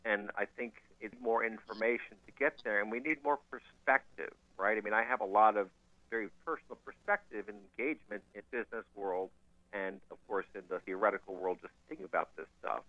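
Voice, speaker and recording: A man hosting a podcast, giving animated, opinionated commentary and laughing often. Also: on the low side, a little fast, no echo. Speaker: podcast host. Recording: tinny phone-like line.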